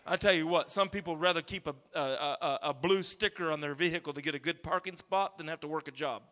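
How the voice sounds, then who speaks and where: A man preaching a sermon, talking conversationally and then building up to loud shouts. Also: a little high, fairly quick. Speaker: pastor. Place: church sanctuary. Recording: long reverb of a large hall.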